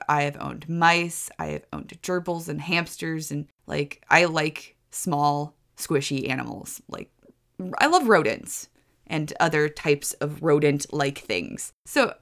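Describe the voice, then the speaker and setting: A woman with a low-pitched voice tells a story on her own podcast. Her delivery is rambling and a little chaotic, with stumbles and restarts, and she leaps up in pitch whenever she acts out what she said. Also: a bit bright. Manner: swoops high for quoted exclamations. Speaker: podcast host. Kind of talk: casual storytelling.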